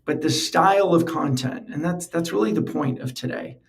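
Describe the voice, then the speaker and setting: Creaky and somewhat high, this podcast host's voice moves at a moderate pace. Talking solo in a casual, conversational style, he stays earnest and keeps repeating words as he gathers his thoughts.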